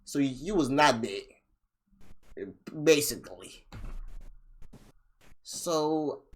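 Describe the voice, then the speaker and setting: A man recaps a rap battle in casual podcast chat. He tells the story with lots of animation, jumping up in pitch and volume whenever he acts out what others said. His voice sits at a middling pitch. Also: drawn-out words. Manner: animated storytelling, acting out quotes in a raised voice. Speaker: podcast host.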